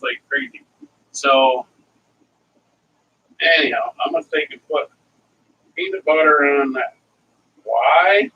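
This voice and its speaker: A man's voice: a little high, sharp tone, lo-fi sound. A middle-aged man hosting a casual cooking vlog, rambling and chatty as he talks viewers through his recipes and wanders off into side stories. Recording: distant mic with faint ambient noise.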